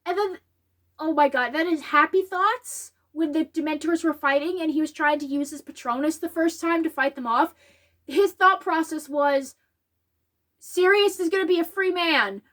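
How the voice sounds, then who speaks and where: A woman with a high voice shares a casual, heartfelt reflection on a film. She talks with real animation and slips into quoted lines. At times she sounds close to tears. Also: moderate pace. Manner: animated, acts out quotes in a higher voice; emotional, gets choked up. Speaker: video essayist.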